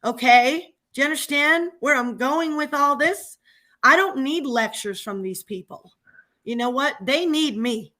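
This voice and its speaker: A woman's voice: high voice, unhurried, pushed and bright. A woman chatting casually on a livestream, venting animatedly and laughing often as she tells a story. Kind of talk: casual chat.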